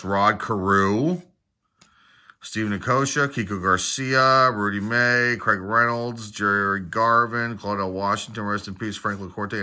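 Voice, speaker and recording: A man's voice: on the low side, pushed and bright. A middle-aged man opening packs of baseball cards, reading player names off one by one and adding casual asides. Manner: rattles off player names in a quick list, with asides. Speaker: card collector opening packs. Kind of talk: casual pack-opening commentary.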